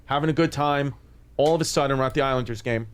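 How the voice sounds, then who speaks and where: A young man from New York telling a story in an excitable way, swearing often. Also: mid-range voice, fast, clean tone. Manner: excitable, swearing, acts out quotes. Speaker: podcast guest telling a story. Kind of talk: animated storytelling.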